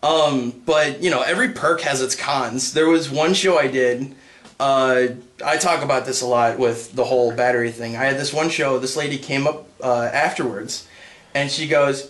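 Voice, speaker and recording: A young man doing a stand-up set for a live crowd, halting with many ums and uhs and breaking into high put-on voices. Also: fairly even intonation, a bit bright. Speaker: stand-up comedian. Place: comedy stage with a live audience.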